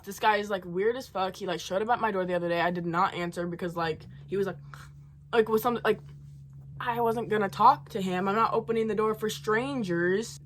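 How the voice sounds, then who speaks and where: A woman's voice: medium pitch, pushed and bright, slight background noise. A young woman in college telling a profane, heated storytime rant in her own rambling way. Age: young adult. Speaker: college student vlogger.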